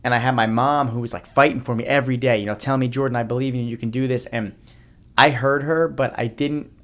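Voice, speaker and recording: Podcast guest, man in his thirties from New Jersey, rapid earnest storytelling, mid pitch. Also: fairly even intonation. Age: 30s. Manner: earnest, repeats himself, frequent restarts. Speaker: guest, motivational speaker. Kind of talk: personal storytelling in a podcast interview.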